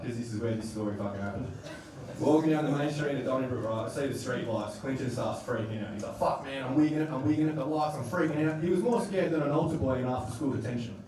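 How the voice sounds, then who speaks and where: A man with an Australian accent doing a crude, rambling stand-up set about a night out with his mates. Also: medium pitch. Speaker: stand-up comedian. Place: comedy club stage. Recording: echoey room, distant mic, noisy.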